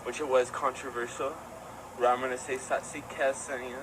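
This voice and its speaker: A man's voice: medium pitch, flat delivery, brisk. Swearing man over traffic noise. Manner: blunt, swearing, shaken. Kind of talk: recounting an event in a played clip. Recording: street clip with traffic noise.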